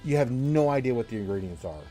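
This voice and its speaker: A man's voice: medium pitch, expressive, fast talker, dark tone, soft background music. A man running a tabletop game as game master, loose and joking, a little tipsy, rambling with fillers. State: a bit tipsy.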